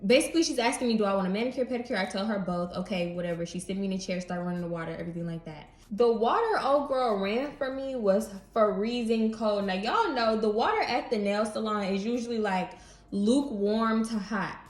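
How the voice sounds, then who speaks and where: A young woman casually telling a storytime story to her viewers, animated and slangy, speaking straight to camera. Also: mid-range voice, fairly quick. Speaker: beauty vlogger. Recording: roomy echo.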